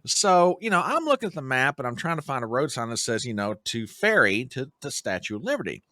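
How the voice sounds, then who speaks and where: On a podcast, a middle-aged American guest with a mid-range voice rattles through a long travel story at a quick pace. He animates it by acting out the quotes, and the studio-quality audio has no room sound.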